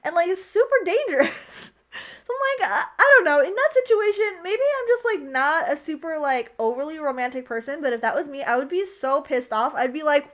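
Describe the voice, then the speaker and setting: A young woman vlogger recaps a movie in a chatty, opinionated way, sprinkling "like" throughout. Her voice is high-pitched, animated and brisk.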